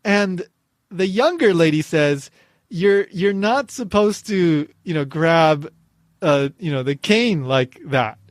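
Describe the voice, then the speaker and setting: A man hosting a podcast, telling a story in a casual and animated way. He laughs often and restarts his phrases a lot. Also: a little high, slow, dry recording, studio quality. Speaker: podcast host.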